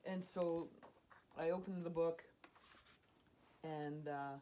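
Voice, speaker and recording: A woman casually telling a personal story in an animated way, often laughing and acting out what people said. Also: sits low, slow pace, a little hiss or hum. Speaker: storyteller guest.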